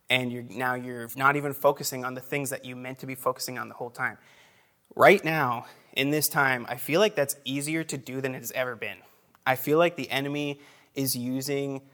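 A man's voice: mid-range voice, fairly bright tone. A man giving a casual, conversational sermon to a group, with frequent asides, fillers and little laughs between phrases. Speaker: preacher.

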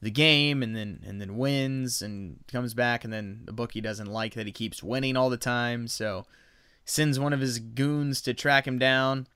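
A male co-host talking casually on a podcast and looping back to correct himself as he retells the story. His voice is bright and crisp. It sounds close and dry, with no room around it. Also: mid-range voice, steady tone, unhurried, no echo. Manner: rambling, self-correcting recaps. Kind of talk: casual chat.

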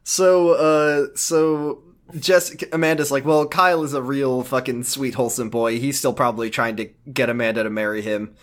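A young man in his twenties co-hosts a casual podcast, recapping a show with quick jokes and mocking asides. His voice sits in a middling register and he talks in an easygoing, conversational way. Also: medium pitch, fairly even intonation. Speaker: podcast co-host. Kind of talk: casual comedic recap chat.

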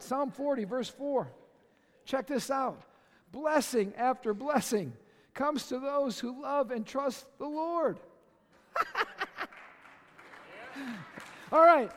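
A male pastor with an extremely high-pitched voice preaches passionately, swinging between shouting and conversational asides to the congregation. The recording carries a long hall reverb.

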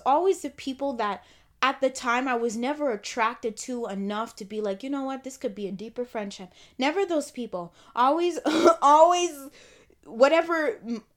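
A young adult woman hosting a podcast, telling a personal story in an emphatic, repetitive, sassy and emotional way. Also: high-pitched. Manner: emphatic, repeats phrases, swings between sassy and tearful. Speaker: podcast host.

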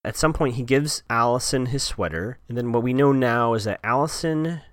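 A man's voice: mid-range voice, moderate pace, dry recording, clean studio sound. A man giving a chatty, wry recap of a TV episode with sarcastic asides.

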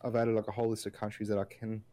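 A man's voice: fairly low pitch, flat delivery, racing, mellow, no echo. A man co-hosting a casual podcast, rambling through his points with lots of filler words and restarts. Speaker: podcast co-host. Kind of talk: casual chat.

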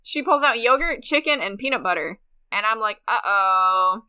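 A woman's voice: fairly high pitch, expressive, fairly quick, a crowd in the background. A woman co-hosting a casual comedy podcast, crudely and gigglingly recapping a movie scene by scene. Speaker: podcast co-host.

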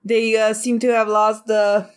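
Halting woman game master, slightly high. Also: little pitch movement, clean tone. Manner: describes scenes haltingly, calls for rolls. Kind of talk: narrating a tabletop game.

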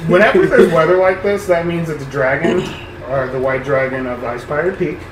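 Man, game master, high lively voice, distant, noisy echoey room. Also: fairly quick. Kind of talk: narrating a tabletop game.

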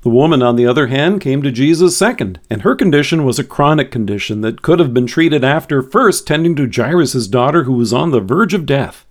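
A man delivering a scripted devotional sermon in a measured, earnest reading voice. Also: medium pitch, lively intonation. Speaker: devotional speaker.

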